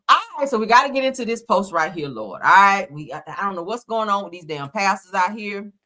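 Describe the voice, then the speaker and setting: A woman's voice: mid-range voice, big pitch swings, fairly quick, pushed and bright. A woman giving sassy, dramatic gossip commentary, full of exclamations.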